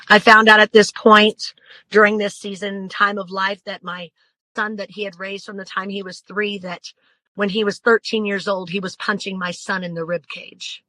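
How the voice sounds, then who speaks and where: A woman's voice: medium pitch, pushed and bright, no echo, rough recording. A woman as an interview guest telling a personal story in an earnest, emphatic way.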